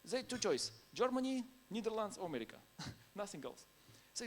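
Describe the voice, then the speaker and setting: This male conference speaker, working in non-native English, takes an informal, story-based approach and laughs between points. He speaks briskly in a high voice with large swings in pitch.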